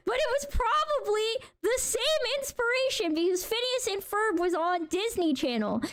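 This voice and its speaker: A woman streamer giving casual live reaction commentary, excitable and slangy, laughing and exclaiming often. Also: very high-pitched, normal speed, few pauses, slight background noise. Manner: slangy, says bro.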